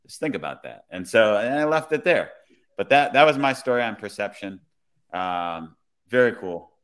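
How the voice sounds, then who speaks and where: A man, a police officer, telling a work story in a relaxed, conversational way. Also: lowish voice, normal speed, smooth. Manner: relaxed, conversational, many "I was like" retellings. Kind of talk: casual storytelling.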